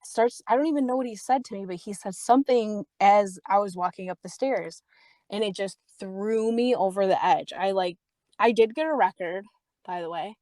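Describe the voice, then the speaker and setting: A woman's voice: normal speed, warm tone, no echo. Young woman telling a heated story, dry sound. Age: young adult. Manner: heated, swears freely, heavy use of "like"; reenacts dialogue with raised pitch. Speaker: podcast host. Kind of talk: casual storytelling chat.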